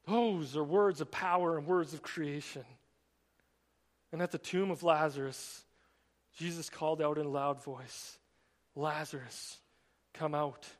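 A man preaching a sermon, swinging between emphatic raised passages and quiet, drawn-out emphasis. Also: a little high, big-room sound. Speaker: pastor.

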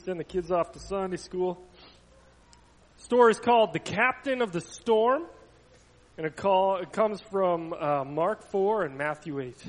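A pastor reads a story to the children in his church, building dramatically and then falling to a near whisper. His voice sits high for a man. It rings out with a long reverb through the church hall. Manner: expressive storytelling, swelling loud then dropping to a hush. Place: church sanctuary.

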